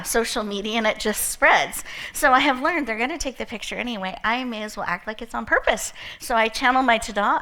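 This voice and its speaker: A woman's voice: a little high, sharp tone. A woman giving a playful, inspirational opening talk to a live audience, telling stories and laughing often. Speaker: motivational speaker opening an event.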